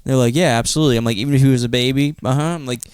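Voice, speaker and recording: A man's voice: medium pitch, fairly even intonation, rapid-fire, a little mellow, clear, resonant tone, dry recording, clean studio sound. A man, a stand-up comedian guesting on a podcast, laid back as he walks through his jokes in casual chat.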